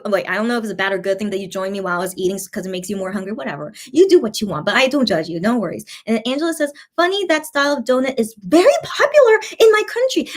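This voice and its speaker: Her voice a touch high, a bubbly young woman runs a home mukbang live stream, chatting in a loose, filler-heavy way. She pauses between bites to read her viewers' comments aloud.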